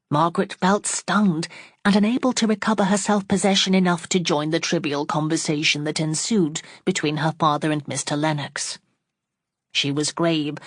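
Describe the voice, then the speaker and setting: Low-voiced female audiobook narrator, steady and unhurried, dry close sound. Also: no echo. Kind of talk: classic novel audiobook narration.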